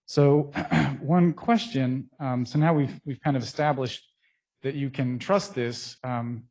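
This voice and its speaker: Male scientist at a conference mic, mid-pitched, halting and technical, dull muffled sound through a mask. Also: steady tone, darkish tone. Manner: technical, halting with frequent pauses. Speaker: scientist presenting research. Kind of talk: conference lecture. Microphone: speaking into a mic.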